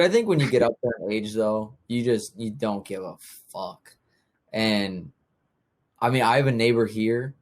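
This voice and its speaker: A man's voice: on the low side, a little mellow. A young man hosting a podcast, telling casual stories and acting out what others said. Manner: easygoing storytelling with acted-out quotes. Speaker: podcast host. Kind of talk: casual chat.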